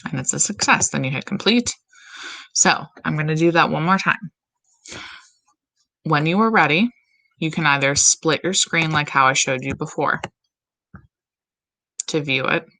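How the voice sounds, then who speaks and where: A woman music teacher explains each step of an assignment with care. Her voice sits low but sounds bright and forward. She talks slowly and evenly in a recorded classroom tutorial. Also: rough recording. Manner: slow, step-by-step instructions.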